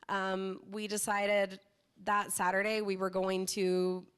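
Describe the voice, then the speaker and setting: Animated middle-aged woman telling a story. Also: medium pitch, slow pace, clear, resonant tone. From Southern California. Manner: lively, animated storytelling with laughs. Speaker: company founder, guest. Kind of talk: casual storytelling interview.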